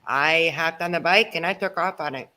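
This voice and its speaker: Eager man with a bright voice. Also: fairly high pitch, moderate pace. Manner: eager, encouraging. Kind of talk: casual group chat.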